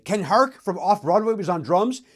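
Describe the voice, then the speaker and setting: Middle-aged comic host, lively up-and-down voice, slightly high, rambling self-mocking riffs. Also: male voice. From Chicago area. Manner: self-mocking, riffing, throws in quick silly voices. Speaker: podcast host. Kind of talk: comedic monologue about records.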